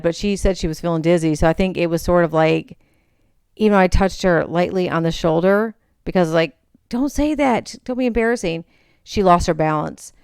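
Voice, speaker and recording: A woman's voice: on the low side, clean tone, no echo, studio quality. Woman podcast host telling a story. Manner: animated, acts out quoted voices. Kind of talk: storytelling monologue.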